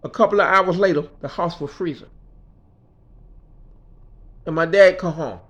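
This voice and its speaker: A man's voice: high voice, measured pace, a bit bright, lo-fi sound. A man telling a personal story in a conversational, repetitive way, often checking in with the listener. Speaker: speaker.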